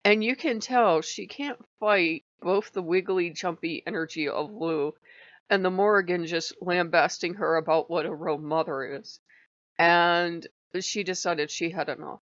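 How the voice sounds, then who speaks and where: A woman's voice: on the low side, unhurried, a bit bright, dry recording, highs cut off. A woman recounting her dreams and visions in a rambling, casual vlog, laughing often. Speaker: spiritual vlogger.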